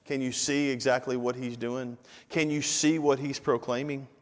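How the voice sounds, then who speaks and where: A man preaches a sermon from a church sanctuary, repeating his key phrases and building to loud, emphatic peaks. He breaks off for casual asides to the congregation and the slide operator, in a voice of ordinary male pitch. His words trail off into the long reverb of a large hall. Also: level tone, moderate pace. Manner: informal asides to the congregation and tech team. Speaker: pastor.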